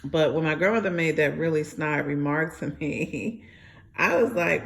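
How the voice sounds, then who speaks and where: A young adult woman, an ex-member, tells her personal story in a rambling monologue full of fillers and restarts. Her voice is low and gravelly, her pace measured.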